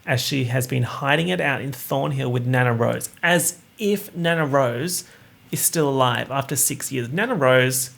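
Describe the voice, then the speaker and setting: A man's voice: medium pitch, moderate pace, gravelly, fairly bright tone. A young man hosting a casual podcast, reading out a plot summary with sarcastic asides. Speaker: podcast host.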